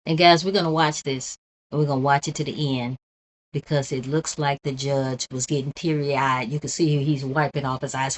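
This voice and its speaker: A woman's voice: very deep voice, fairly even intonation, moderate pace, poor audio. A woman hosting a live stream, reacting to court footage with heated, profane commentary aimed at her viewers.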